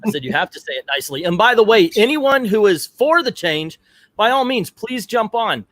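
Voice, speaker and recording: Middle-aged male streamer, a touch higher pitched, casual and digressive commentary. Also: big pitch swings, normal speed, a bit bright, no echo. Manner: chatty and digressive, talks aside to family. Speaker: livestream host.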